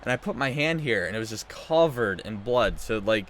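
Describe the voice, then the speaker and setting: A man's voice: on the low side, expressive, moderate pace, a bit bright, slight background noise. A man hosting a gaming channel, casually telling a rambling story while he plays, emphatic and often restarting his sentences. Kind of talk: casual storytelling over gameplay.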